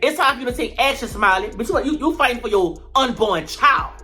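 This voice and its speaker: A reality show reviewer talking in a casual commentary vlog, animated and profane, retelling scenes dramatically. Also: medium pitch, brisk, faint music behind.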